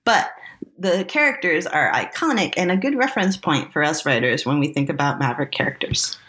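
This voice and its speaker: A woman's voice: sits low, animated, brisk, fairly bright tone, roomy sound. A woman co-hosting a podcast in casual chat, teasing her partner and laughing often. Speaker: podcast co-host.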